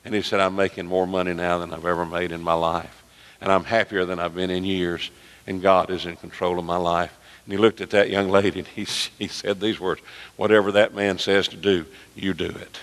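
Deep gravelly preacher in a reverberant church. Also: male voice, level tone, a bit bright. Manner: emphatic preaching with dramatic pauses and retold dialogue. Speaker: pastor. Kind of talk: sermon. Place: church sanctuary. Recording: echoey sanctuary with long reverb.

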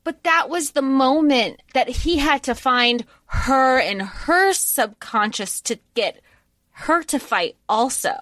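A woman co-hosting a podcast, blunt and animated as she breaks down movie scenes. Her voice is a little high, and the recording is close and dry. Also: slow pace, dry recording. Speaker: podcast co-host. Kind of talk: casual movie discussion.

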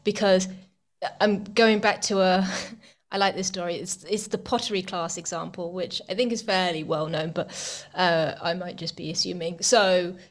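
A woman's voice: fairly low pitch, normal speed. Laughing, conversational woman guest. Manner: laughs often, lively, conversational. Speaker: podcast guest. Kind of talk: casual interview.

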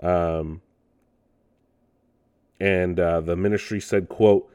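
A man's voice: low voice, measured pace, darkish tone. A man hosting a casual gaming news podcast, talking loosely with lots of ums and restarts. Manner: loose, rambling delivery full of ums and restarts. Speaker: podcast host.

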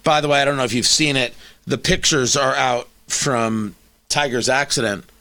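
A man's voice: mid-range voice, normal speed, bright, forceful tone. A man hosting a talk show, giving emphatic, opinionated political commentary that repeats points for effect and adds sarcastic asides.

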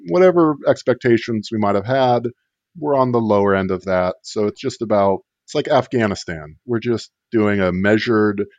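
A man with a lowish, slightly mellow voice tells a comic story at normal speed, rambling wryly with lots of filler words. The recording is dry and dull, with a lo-fi sound.

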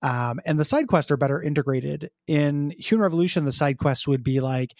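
A man's voice: fairly high pitch, fairly quick, hardly any pauses, a little mellow, no room sound, studio quality. A man co-hosting a podcast in casual game review chat, rambling with many ums and restarts. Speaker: podcast co-host.

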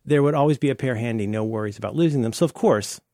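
A man's voice: mid-range voice, quick pace, dark tone, dry recording, studio quality. A man hosting a podcast in casual chat, rambling and playful as he riffs from one tangent to the next. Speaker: podcast host.

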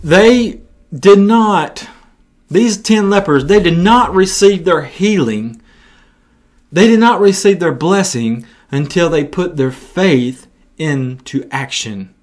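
A man preaching a sermon, retelling scripture in an animated storytelling way with frequent restarts. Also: high voice, takes it slowly.

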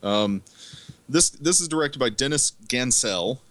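A man's voice: mid-range voice, animated, a little slow, fairly bright tone, dry recording. A man co-hosting a podcast, reviewing movies in casual chat, rambling and swearing with lots of fillers. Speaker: podcast co-host.

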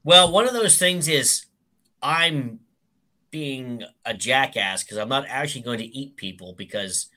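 Man on a podcast panel, hesitant, bright and forceful tone, dry humor. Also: medium pitch, expressive, unhurried. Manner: hesitant, lots of ums, dry jokes. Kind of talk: casual chat.

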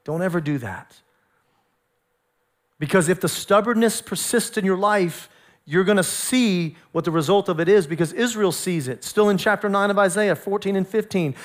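High-voiced male pastor preaching. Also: normal speed. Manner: storytelling, acts out voices. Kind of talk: sermon.

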